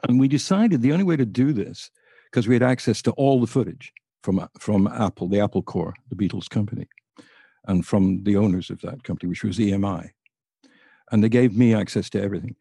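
An older man, a podcast guest, telling anecdotes in an animated, storytelling way. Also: on the low side, fairly quick, creaky, husky, no echo, studio quality. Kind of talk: podcast interview.

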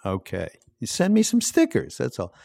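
A man's voice: medium pitch, wildly swooping pitch, moderate pace, gravelly, mellow, no echo. A man hosting a podcast in casual interview chat, laid-back and playful, laughing often. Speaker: podcast host.

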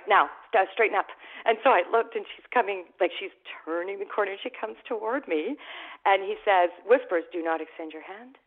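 A middle-aged woman from Canada, a guest actress and author, telling lively anecdotes and acting out the voices in them. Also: medium pitch. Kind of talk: animated storytelling in an interview. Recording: phone-like narrow sound.

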